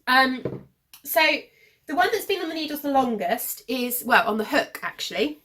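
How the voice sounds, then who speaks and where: A woman in her thirties from the UK hosting a knitting podcast, rambling casually with lots of fillers and self-corrections, a little hoarse as she is losing her voice. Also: high voice, sing-song, moderate pace, a bit bright. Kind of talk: casual show-and-tell chat.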